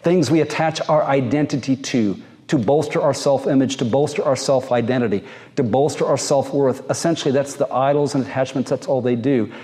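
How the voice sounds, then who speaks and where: A man, a pastor, preaching a sermon in a slow, gentle and earnest way, with drawn-out pauses. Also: mid-range voice.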